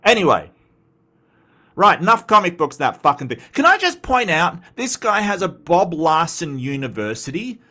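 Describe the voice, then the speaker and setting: Australian male commentary host, voice sits fairly high with a lot of swing, loose and profane delivery. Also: huge pitch swings, moderate pace, sharp tone. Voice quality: sweary, blunt, rambling with restarts. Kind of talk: casual reaction commentary, reading chat.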